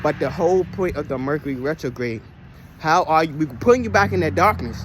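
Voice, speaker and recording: A man's voice: fairly high pitch, expressive, a little fast, background noise. A man giving a casual motivational monologue, preachy and profane, full of rhetorical questions and repeated lines. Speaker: spiritual vlogger.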